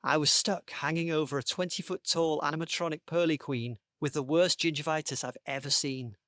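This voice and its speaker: A man's voice: on the high side, steady tone, fairly quick, fairly bright tone, no room sound, clean studio sound. Man reading a silly tale aloud. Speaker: podcast panelist. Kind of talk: reading a comic story aloud.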